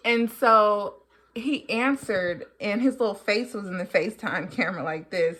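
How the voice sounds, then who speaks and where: A young woman vlogger telling a personal story casually, jumping high in pitch to act out what people said. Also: moderate pace. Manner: animated, jumps high in pitch when acting out what people said.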